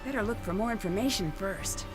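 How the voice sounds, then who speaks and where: An actress voicing a young woman amateur detective in a video game, brisk and inquisitive, talking herself through clues. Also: medium pitch, animated, lightly acted. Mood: curious. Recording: game audio over background music. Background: game music.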